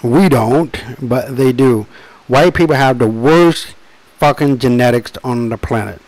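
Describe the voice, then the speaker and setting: A man speaks straight to his listeners in a rambling, forceful monologue, swearing freely and drawing out key words slowly. His voice sits in an ordinary middle pitch. The sound is close and dry, with no room echo. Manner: emphatic and profane, with many restarts and asides. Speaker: author presenting his book. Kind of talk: rambling direct-to-camera monologue.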